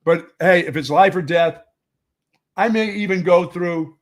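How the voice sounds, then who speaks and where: A man's voice: sits high, a little slow. A man co-hosting a sports radio show, telling rambling stories in casual banter and often restarting his words.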